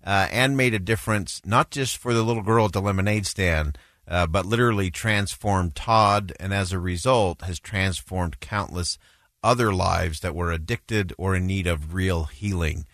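A male radio host giving measured, reflective commentary on a talk show. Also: low-pitched, a bit bright, no echo, clean studio sound.

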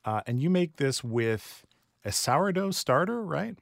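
A man's voice: a little high, very animated, a little slow, vocal fry, no echo. A man hosting a radio talk show, chatting eagerly about food while tasting it in the studio. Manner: enthusiastic, chatty, eating while talking. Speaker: radio host. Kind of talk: casual studio food chat. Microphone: studio microphone.

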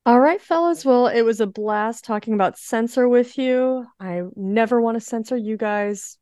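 A woman's voice: on the high side, moderate pace, dark tone, no echo, studio quality. A woman co-hosting a podcast, talking in a chatty, upbeat way and wrapping up the episode. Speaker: podcast co-host. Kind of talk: casual podcast chat.

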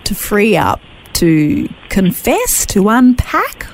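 Lively-voiced woman interviewer. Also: medium pitch, slow, a little hiss or hum, low-quality recording. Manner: gentle, encouraging questions and reflections. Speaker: host.

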